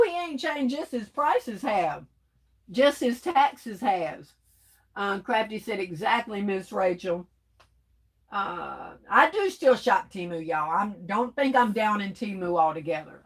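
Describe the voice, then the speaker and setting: A woman's voice: medium pitch, animated, unhurried, husky. A woman hosting a casual livestream, chatty and laughing often as she reads viewer comments aloud. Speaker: livestream host reading chat.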